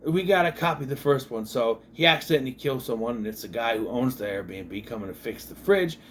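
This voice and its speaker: A man's voice: medium pitch, expressive, a little fast, slight background noise. A man giving a casual, exasperated movie review, swearing freely and acting out lines from the film.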